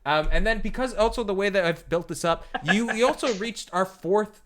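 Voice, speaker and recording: A man running a streamed tabletop game as game master, chatty, with frequent fillers and quick laughs. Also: high-pitched, a bit bright, slight background noise.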